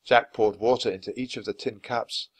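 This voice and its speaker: A man reading a children's chapter book aloud at a clear, natural pace for language learners. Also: medium pitch, steady tone, moderate pace. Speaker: storyteller.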